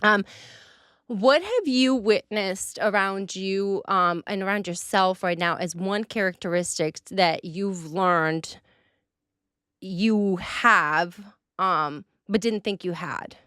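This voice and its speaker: A woman hosting a podcast, chatting in a rambling, animated way with playful asides. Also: mid-range voice, takes it slowly, clean tone, dry recording, clean studio sound. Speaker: podcast host. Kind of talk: casual chat.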